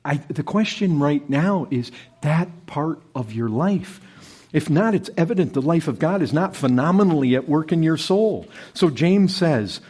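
Male preacher, husky voice, earnest sermon delivery with big dynamic swings between loud and hushed. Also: animated, unhurried. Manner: swings from loud emphatic peaks to low hushed lines, often says "brethren". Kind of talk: expository sermon.

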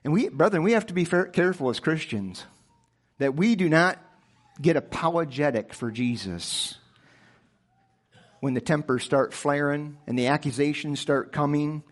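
Emphatic, high-voiced male preacher. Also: expressive, normal speed. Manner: emphatic, rhetorical questions, repeats himself. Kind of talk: sermon.

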